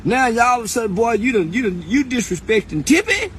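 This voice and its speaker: A man hosting a podcast, delivering a loud, profane, laughing freestyle rant that swings between high outbursts and low mutters. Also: big pitch swings, fast talker, slight background noise. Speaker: podcast host.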